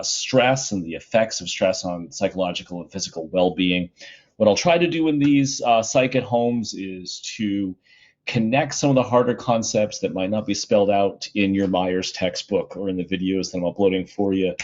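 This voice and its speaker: A middle-aged male high school teacher giving a casual, chatty recorded lesson from home, with plenty of fillers. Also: a little mellow, highs cut off.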